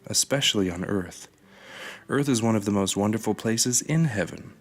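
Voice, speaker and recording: A kind, smiling God, as a man reads him in a children's storybook. He speaks low and calm, warmly reassuring and gently joking. Soft guitar music plays faintly underneath. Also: normal speed, slightly rough. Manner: warm and reassuring. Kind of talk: storybook reading.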